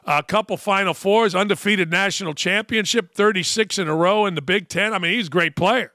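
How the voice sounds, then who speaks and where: A man's voice: high voice, brisk, no echo. A man hosting a sports talk show, delivering a brash, mocking monologue of opinionated commentary from a studio. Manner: brash, mocking, animated rants.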